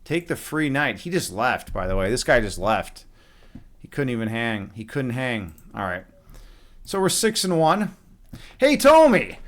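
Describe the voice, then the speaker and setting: A male streamer talks loosely from a home streaming room while a chess game runs, his voice sitting at an ordinary middle pitch. He rambles, restarts his sentences often and drops in casual swearing, close on a desk mic. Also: very animated, measured pace, a bit bright. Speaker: live streamer.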